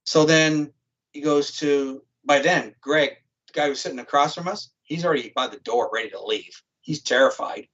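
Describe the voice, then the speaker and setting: A psychic criminal profiler, guesting on a talk show, casually recounts a story with vivid, blunt, profane language. His voice sits on the high side, a bit bright, at a moderate pace, over dull lo-fi stream audio.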